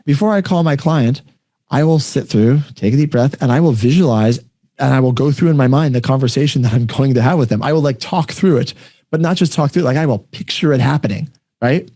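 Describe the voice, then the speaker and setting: Fast-talking man hosting a podcast. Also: medium pitch, mellow, dry recording, studio quality. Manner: brisk, explanatory, frequent "right?" check-ins. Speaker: podcast host. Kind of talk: conversational interview.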